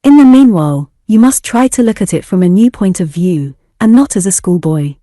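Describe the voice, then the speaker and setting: A woman's voice: mid-range voice, expressive, fairly quick, warm tone, no echo, studio quality, lightly acted. A woman reading an elderly aunt's lines in an audiobook, emphatic and firm. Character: stern, decisive elderly aunt.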